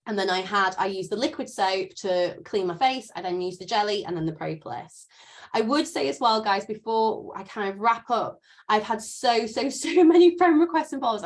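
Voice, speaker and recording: A woman mentor runs a training session over a video call, upbeat and motivational in tone. She leans on repetition to press her points home, in a mid-pitched voice. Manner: upbeat, motivational, repeats words for emphasis.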